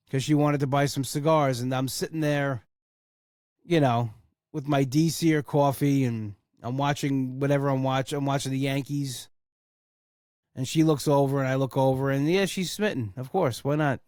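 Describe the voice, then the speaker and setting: A man's voice: mid-range voice, fairly even intonation, moderate pace, darkish tone, dry recording, studio quality. A young man hosting a casual solo podcast, rambling with enthusiasm and swearing for emphasis. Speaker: podcast host.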